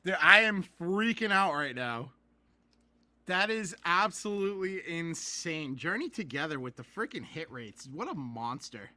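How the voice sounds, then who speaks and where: Hyped young man shouting over a lucky pull. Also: fairly high pitch, measured pace. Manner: excitable, shouts and laughs in bursts. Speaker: live-stream card seller. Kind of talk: live-stream pack opening. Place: indoors at a computer. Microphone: laptop camera mic.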